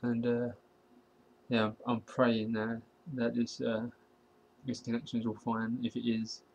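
A young man, casually commentating his own football video game match, excitable and slangy, talking to the game and his opponent. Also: medium pitch, a little slow, vocal fry, muffled recording, slight background noise. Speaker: gaming YouTuber.

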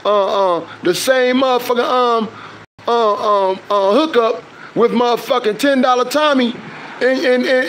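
High-pitched man ranting with profanity. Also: a little slow, fairly bright tone, slight background noise, poor audio. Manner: confrontational, profane, trails into fillers. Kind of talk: heated direct-to-camera rant.

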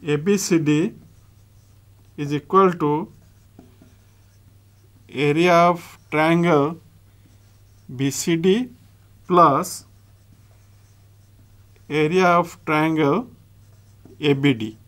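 Slow Indian English maths teacher, man. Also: on the high side, steady tone, fairly bright tone. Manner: slow, step-by-step dictation while writing. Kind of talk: blackboard maths lesson.

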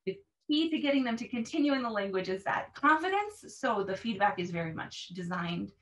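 A woman language teacher explaining how she runs her classes, animated and acting out phrases with exaggerated intonation. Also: mid-range voice, brisk, distant mic, slight background noise.

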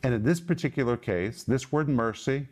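A man delivers a televised Bible teaching in a mid-pitched voice. He speaks emphatically and stretches out the key words as he explains Greek terms. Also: moderate pace, a little mellow. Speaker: pastor.

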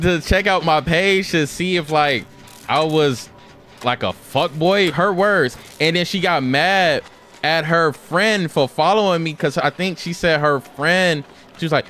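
A man's voice: mid-range voice, expressive, moderate pace, fairly bright tone, slight background noise. A man streaming a game, telling stories in a loose, profane way and calling everyone "bro". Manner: loose, profane storytelling, says "bro" a lot. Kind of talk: casual gaming commentary.

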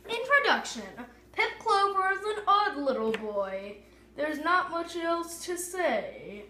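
A woman reading a story aloud, stumbling now and then over words and filling pauses. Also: very high voice, big pitch swings, bright, forceful tone. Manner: unpolished reading with stumbles and fillers. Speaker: reader. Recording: echoey room.

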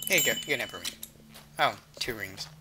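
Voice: mid-range voice, lively intonation, brisk, heavy background noise. A gamer giving let's-play commentary, talking to themself in a profane, sarcastic way. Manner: profane, sarcastic self-talk. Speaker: gamer playing a video game. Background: game music.

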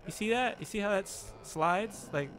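Excitable young man streaming a game. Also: sits high, normal speed, a little hiss or hum. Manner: excitable, laughs and yelps at the game. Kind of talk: casual gameplay commentary.

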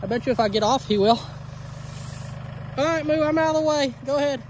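A woman's voice: high voice, fairly quick. A woman vlogging from her homestead pasture, chatting casually and talking fondly to her cattle. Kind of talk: casual farm vlog narration. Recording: outdoor recording with loud engine noise.

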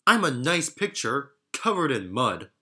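A man voicing a small, excitable male steam engine who complains in a high, childlike way. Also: unhurried. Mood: indignant. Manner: shrill, indignant, childlike complaining. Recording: narration over loud music.

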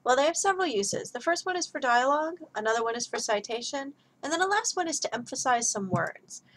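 A woman's voice: high voice, expressive, fast talker, fairly bright tone, a little hiss or hum, poor audio. A woman giving a recorded grammar lesson as a writing instructor, talking casually through examples. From United States.

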